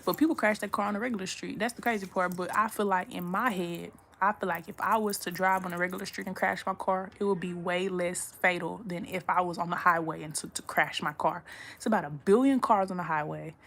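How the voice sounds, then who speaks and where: A woman's voice: lowish voice, steady tone, fairly quick, vocal fry, a bit bright, a little hiss or hum. A young woman from Texas, chatting to camera at home in a blunt, profane, rambling way. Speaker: vlogger. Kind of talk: casual chat to camera. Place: her room at home.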